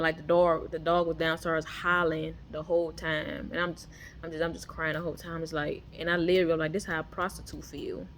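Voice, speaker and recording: With faint hiss or hum audible, a low-voiced woman tells the story of her testimony in a relaxed, casual way. She speaks loosely, using many filler words and often starting over.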